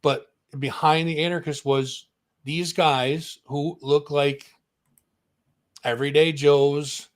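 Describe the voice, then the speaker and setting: A man's voice: a little high, little pitch movement, takes it slowly. A man co-hosting a music talk show, telling a story in casual chat and acting out the voices of the people in it.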